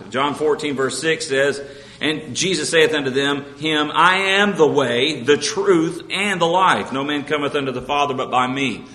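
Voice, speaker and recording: A man's voice: on the high side, a bit bright, echoey room, big-room sound. A man preaching an evening sermon in an earnest way, reading scripture aloud and asking the congregation rhetorical questions.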